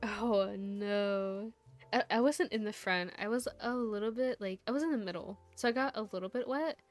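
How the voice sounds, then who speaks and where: Woman, VTuber streamer, casual rambling chat, giggly, lots of fillers, mid-pitched voice, faint music behind. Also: normal speed. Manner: rambling storytelling with frequent laughs and fillers.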